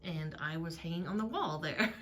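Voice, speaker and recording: Woman, 30s, lower-pitched voice, breathless and chatty vlogger touring her home office, filmed on a handheld camera. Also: expressive, fairly bright tone. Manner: chatty and giggly, laughs often mid-sentence; talks fast enough to run out of breath. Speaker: small business jewelry maker. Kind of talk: casual studio tour vlog. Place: small home business office. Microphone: handheld camera while walking around.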